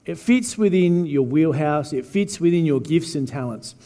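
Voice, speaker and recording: A man gives a sermon in a loose, joking way, talking with his congregation. His voice sits a little high. The church hall lends it a long echo. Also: animated, normal speed, dark tone. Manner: chatty, joking sermon delivery. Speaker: pastor.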